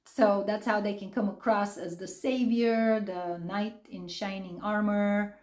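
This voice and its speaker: Animated woman in an echoey room. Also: medium pitch, measured pace. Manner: animated, acts out quotes, laughs often. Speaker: psychology video host. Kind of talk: casual explanatory talk.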